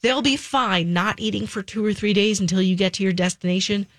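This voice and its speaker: A woman's voice: medium pitch, steady tone, fairly bright tone, no echo. Practical woman co-host, dry close sound. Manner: measured, practical, backchannels often. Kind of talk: casual advice talk.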